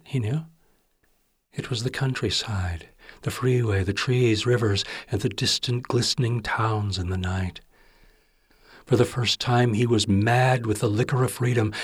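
A man's voice: on the low side, breathy edge, dry recording, clean studio sound. A man narrating literary fiction in a wry, intimate storytelling manner.

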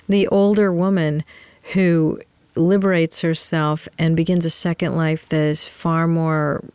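A woman playwright and performer speaks in an interview, her voice lowish and gravelly. She tells candid stories and breaks into laughter often. The sound is close and dry. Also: a little mellow, dry recording. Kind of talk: interview conversation, storytelling.

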